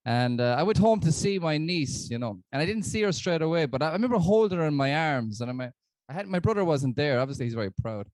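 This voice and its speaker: A man's voice: fairly high pitch, expressive, fast talker, a little mellow, no room sound. Dry-voiced Irish man doing stand-up. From Ireland. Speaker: stand-up comedian. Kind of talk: stand-up set.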